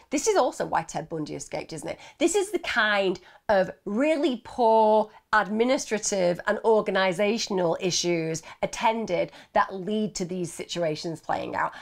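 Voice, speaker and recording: Woman, 30s, true crime host, low gravelly voice, animated and indignant storytelling. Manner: animated, indignant, rhetorical questions.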